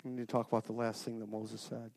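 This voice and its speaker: A middle-aged man giving an informal, earnest sermon to a men's group, swinging from loud outbursts to hushed prayer. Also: fairly low pitch, monotone, fast, gravelly, no room sound. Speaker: lay speaker at a men's gathering.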